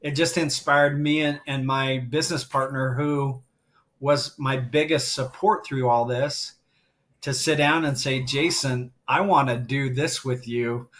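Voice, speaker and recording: A man's voice: mid-range voice, steady tone, unhurried, fairly bright tone. A middle-aged man speaking as a guest on a live stream, telling a heartfelt story and getting emotional as he talks. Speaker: guest, grief coach.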